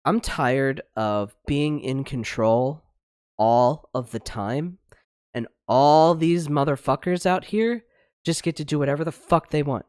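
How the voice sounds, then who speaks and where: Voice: medium pitch, measured pace, a little mellow, dry recording, studio quality. A podcast co-host ranting in a heated, blunt way with plenty of swearing during a casual discussion. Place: livestreamed online podcast.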